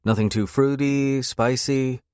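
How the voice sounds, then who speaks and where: A man's voice: mid-range voice, steady tone, measured pace, a little mellow, clean tone, no room sound, clean studio sound, voice pushed up, lightly acted. A man voicing a cheerful, flirty male bartender who talks in a bubbly sing-song way. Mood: chirpy.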